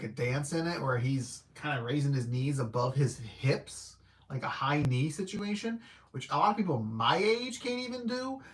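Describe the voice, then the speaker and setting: A man hosting a casual livestream movie review, rambling and correcting himself as he thinks aloud. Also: a little high. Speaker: film reviewer host.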